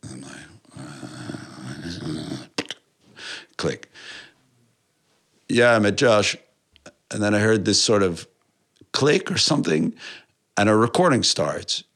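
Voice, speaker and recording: A man from New York, a musician, talking in a casual interview, animated, swearing often and rambling with many restarts. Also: low-pitched, slow, pauses often, slightly rough. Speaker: musician guest.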